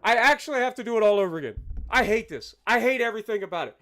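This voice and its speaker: A man's voice: high voice, lively intonation, racing, bright, forceful tone. A man streaming a flight game live, ranting angrily and profanely at the game. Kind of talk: live gameplay commentary.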